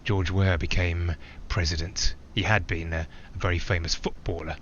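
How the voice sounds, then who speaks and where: A man's voice: deep voice, fairly even intonation, moderate pace, a bit bright, dull audio, a little hiss or hum. An actor playing a man flying alone, who talks in a reflective, digressive way with small hesitations. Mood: musing. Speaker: narrator-pilot. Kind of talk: theatrical monologue.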